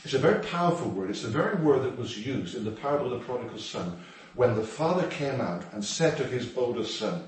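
A man's voice: medium pitch, lively intonation, brisk, few pauses. A man preaching a sermon in a conversational, humorous way, with asides to the congregation. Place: church hall. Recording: echoey hall, distant mic, faint noise.

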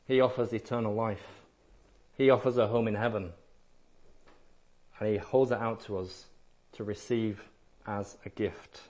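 A man's voice: on the low side, steady tone, unhurried, long pauses, a little mellow. A man preaching a sermon, emphatic and repetitive, sometimes acting out listeners in a lighter voice.

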